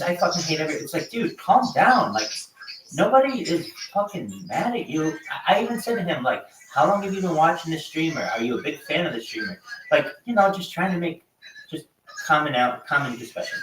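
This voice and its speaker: A man's voice: medium pitch, a bit bright, recorded from a distance. Profane man rambling off-mic in an echoey room. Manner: loose and profane, lots of fillers. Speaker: livestream host. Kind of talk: casual rambling chat. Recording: echoey room, from off-mic, faint background noise.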